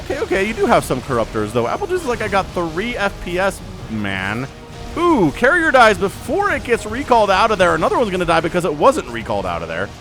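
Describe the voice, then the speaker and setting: An excitable man casting a strategy game, his voice pitched a little high and swinging widely as he reacts. Faint music runs under his commentary. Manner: animated, excitable, voices players in quick asides. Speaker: game caster.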